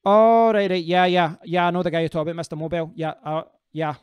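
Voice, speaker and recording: A man's voice: on the high side, flat delivery, fast talker, smooth, no echo. A man hosting a casual live stream, rambling as he answers viewers' comments and often restarting his sentences.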